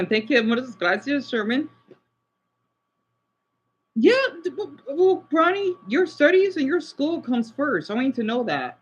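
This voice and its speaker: A man's voice: extremely high pitch, very animated, measured pace, breathy edge, highs cut off. A young man hosting a casual livestream, rambling and getting emotional while reading names from the chat. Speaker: livestream host.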